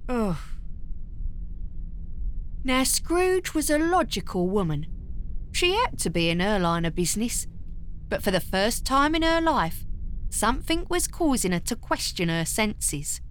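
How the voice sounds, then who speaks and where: A woman playing a street-seller narrator who tells the story deliberately and grows exasperated with her partner. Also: on the high side, very animated, slight background noise.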